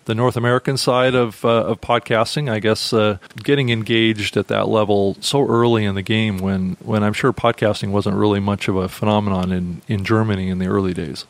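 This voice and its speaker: A man's voice: on the low side, little pitch movement, fairly quick, hardly any pauses, dry recording. A man hosting a podcast interview, friendly and casual, with frequent chuckles and hesitant fillers. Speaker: podcast host. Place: Seattle.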